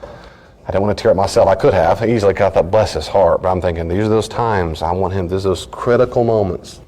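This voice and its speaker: Man, pastor, middle-aged, very low voice, earnest storytelling, conversational teaching. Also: quick pace, warm tone. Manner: earnest storytelling, acts out short quoted lines.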